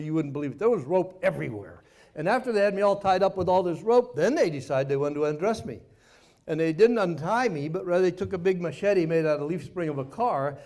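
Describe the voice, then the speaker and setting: A man's voice: on the high side, darkish tone. Folksy older man telling a war story. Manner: folksy, self-mocking storyteller with dramatic pauses. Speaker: guest speaker, former Navy pilot. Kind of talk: storytelling speech to an audience. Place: party venue before a live audience.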